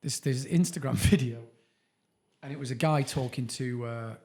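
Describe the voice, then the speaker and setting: A man's voice: mid-range voice, moderate pace, a little mellow. A middle-aged man co-hosting a podcast, telling stories in casual chat, laughing often and swearing now and then. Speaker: podcast co-host.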